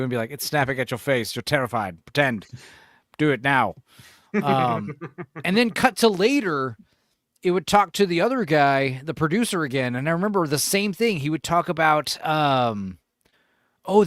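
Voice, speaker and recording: A man in his forties hosting a podcast in casual chat, laughing, swearing and doing animated impressions. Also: fairly high pitch, dry recording, studio quality. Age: 40s. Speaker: podcast host.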